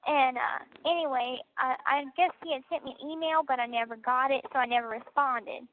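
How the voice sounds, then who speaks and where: A young woman talks casually and chattily, laughing often between stories. Her voice sits high and comes through a narrow, tinny prison phone line. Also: fairly even intonation, brisk, slight background noise. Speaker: inmate on a prison call.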